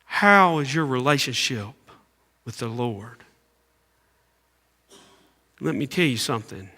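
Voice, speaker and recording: Male preacher, bright and leisurely, dramatic loud-soft swings, echoing church. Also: medium pitch. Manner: preaching with sudden swings between loud calls and hushed asides. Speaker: pastor. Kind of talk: sermon. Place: church sanctuary. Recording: echoey church hall.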